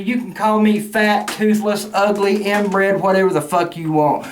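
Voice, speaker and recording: A man's voice: high voice, normal speed, hardly any pauses. Middle-aged man, hot-headed fan rant, heavy cussing, echoey room with faint hiss. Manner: angry, cussing, loud outbursts. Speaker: sports fan vlogger. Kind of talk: profane ranting fan rant. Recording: roomy echo, faint noise.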